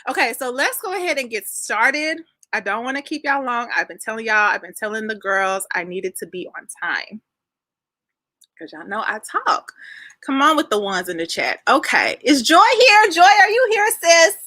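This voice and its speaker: A woman's voice: fairly high pitch, very animated, moderate pace, pushed and bright, dry recording. A woman in her thirties hosting an online class livestream, chatting with viewers in a bubbly, effusive way and greeting them by name. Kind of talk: casual livestream chat with viewers.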